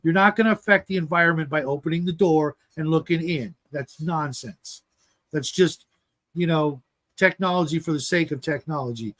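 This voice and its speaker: A man's voice: fairly high pitch, brisk, a bit bright. A man co-hosting a casual livestream chat, ranting in an exasperated way with lots of fillers. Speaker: podcast co-host.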